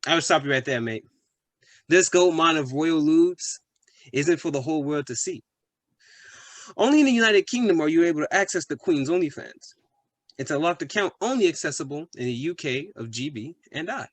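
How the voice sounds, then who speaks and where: A man's voice: fairly high pitch, lively intonation, normal speed, dry recording, natural voice. A man playing a crude, pushy young British bloke with a British accent who is boastful and full of slang. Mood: leering. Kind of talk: comedy sketch acting.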